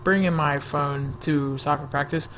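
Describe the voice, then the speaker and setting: A high-pitched man rambles through a story-time vlog, joking and getting sidetracked as he goes. He talks close into a desk microphone, with faint noise in the background. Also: fairly even intonation, unhurried, fairly bright tone. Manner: rambling, jokey, easily sidetracked. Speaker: vlogger.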